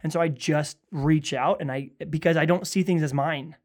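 Male pastor in grief, earnest podcast talker, voice sitting a little high. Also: steady tone, moderate pace. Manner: earnest, quotes others in soft hushed asides. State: grieving. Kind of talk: conversational podcast talk.

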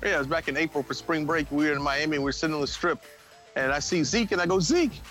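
Bright, brash joking man. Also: a little high, fairly even intonation, quick pace, faint music behind. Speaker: co-host. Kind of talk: casual sports chat.

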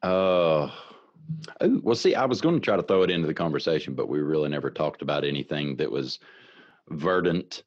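A man co-hosting a casual podcast among friends, joking crudely and sometimes drawing his words out slowly. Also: extremely low pitch. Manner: crude joking, slow drawn-out delivery when clowning. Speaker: podcast co-host. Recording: muffled lo-fi audio.

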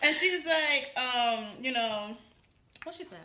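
A woman's voice: sits high, lively intonation, slow pace, heavy background noise. A woman in casual chat, retelling a TV episode scene by scene and acting out the characters' lines with laughter. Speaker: co-host recapping a TV episode.

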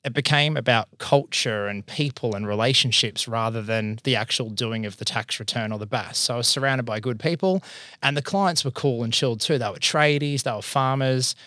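With a mid-range voice at normal speed, an Australian man in his thirties, an accountant and business owner, shares his career story in an animated, casual way and acts out quoted voices. The sound is clean studio audio without echo.

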